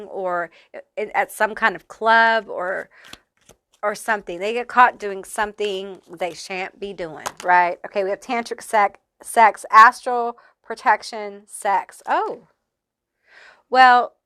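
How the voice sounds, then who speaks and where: A woman's voice: on the high side, fairly bright tone, no room sound. Sassy woman tarot reader, dry sound. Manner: sassy and salty, calls viewers honey, laughs often. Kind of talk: casual pick-a-card tarot reading.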